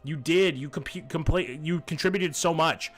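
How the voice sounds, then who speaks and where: A man with a slightly high voice talks at a moderate pace while streaming a geography game. He chats casually, reads chat aloud, swears freely, and sounds a little sick, in the style of relaxed live-stream gaming talk.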